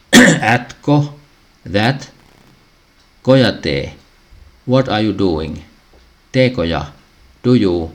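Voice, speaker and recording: Male teacher, low-pitched, very slow and halting, reads lesson material aloud, frequent throat clearing. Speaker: language teacher. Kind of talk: slow reading of a language lesson.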